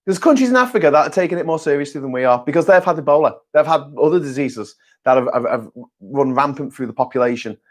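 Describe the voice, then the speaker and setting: A man's voice: fairly high pitch, expressive, fast talker. Sweary rambling man. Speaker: host. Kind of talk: casual live-stream chat.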